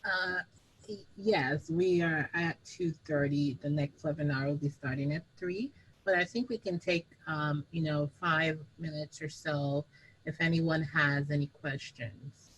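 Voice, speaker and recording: A woman moderating a webinar with a very low voice. She speaks hesitantly and fills pauses as she goes. Faint noise sits under her voice, and she sounds a bit distant from the mic. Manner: hesitant, filler-laden.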